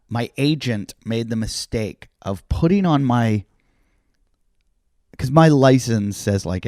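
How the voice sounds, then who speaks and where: A man's voice: lowish voice, darkish tone, no echo, studio quality. A middle-aged man, a comedian hosting a podcast, telling a story in casual chat and acting out the other people's lines. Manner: swears casually.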